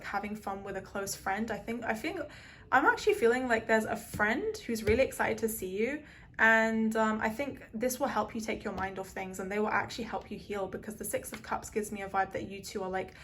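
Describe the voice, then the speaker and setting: An earnest woman talks through a tarot card reading to her viewers, her voice at a middling pitch. She rambles and circles back, filling gaps with "um" and "like". A faint hiss sits under her voice. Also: a bit bright. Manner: rambling, full of "um" and "like"; earnest, emotional.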